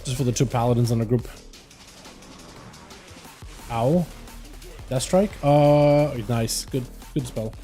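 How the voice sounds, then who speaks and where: A young man casually commenting on his own gameplay during a live stream, chatting with his teammates in a relaxed, talkative way. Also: mid-range voice, takes it slowly, long pauses, faint music behind. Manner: laid-back, chatty, talks to teammates.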